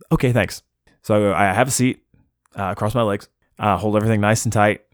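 A young man with a fairly low voice tells a story in a casual podcast chat. He is animated and self-mocking, slipping into the voices of the people he quotes. The sound is dry and close. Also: a little fast, clear, resonant tone, no room sound. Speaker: podcast co-host telling a story.

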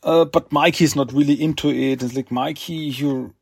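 A man hosting a podcast, recapping a comic book in a rambling, halting way with fillers. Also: a little high, fairly even intonation, husky, no echo, studio quality. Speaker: podcast host.

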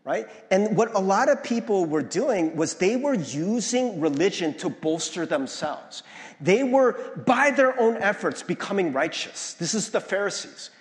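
A pastor's high, lively voice moves a little slowly through a chatty sermon, punctuated by "right?" and dramatized quotes. He speaks in a church sanctuary, and long hall reverb fills the recording.

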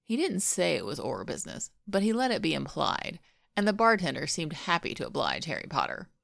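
Woman narrator, fan fiction reading, low gravelly voice, soft intimate delivery, dry close sound. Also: wildly swooping pitch, brisk, no room sound. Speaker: podfic reader.

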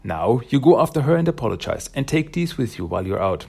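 A man's voice: medium pitch, very animated, fast, vocal fry, a little mellow, husky, full character voice. Sensible young female turtle from a comic, read by a man in his own voice. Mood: calm.

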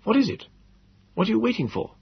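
A man's voice: high voice, sing-song, a little fast, creaky, dull audio, slight background noise, pitched above the performer's own voice, exaggerated voice. A man voicing an eager young companion who speaks urgently and breathlessly. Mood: impatient.

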